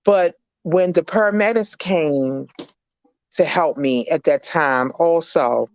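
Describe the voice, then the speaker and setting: A woman, a guest on an interview show, recounting a personal ordeal in earnest, halting, faith-filled words. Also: low voice, no echo. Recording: dry, dull lo-fi recording.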